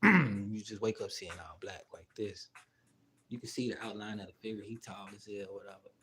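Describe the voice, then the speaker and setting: A man's voice: lowish voice, normal speed, fairly bright tone, slight background noise. A man hosting his own channel, telling a story in a loose, rambling, slangy way with heavy swearing. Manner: rambling, with many fillers and asides. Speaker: channel host. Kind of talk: casual spoken storytelling.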